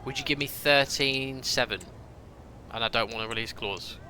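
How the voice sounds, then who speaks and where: A young man talks through a football management game for his stream viewers, thinking aloud and now and then ranting at it. His voice is bright and forceful, and his pitch sits in the middle of the range for a man. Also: moderate pace, a little hiss or hum. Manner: chatty, talks to viewers, rants and exclaims. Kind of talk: casual gameplay commentary.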